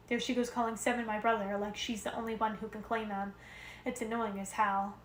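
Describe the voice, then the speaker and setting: A woman reading a novel aloud in the first person at home, steady with small self-corrections. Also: medium pitch, a little fast. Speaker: reader. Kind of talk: amateur audiobook reading of a novel. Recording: roomy echo with faint noise.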